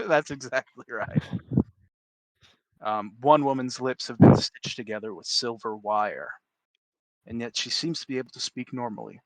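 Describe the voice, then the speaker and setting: A man's voice: medium pitch, moderate pace, pauses often, no room sound. Casual gm guy, dry close mic, paints the scene, laughs a lot. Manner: descriptive, laughs often. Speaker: game master. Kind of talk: narrating a tabletop game.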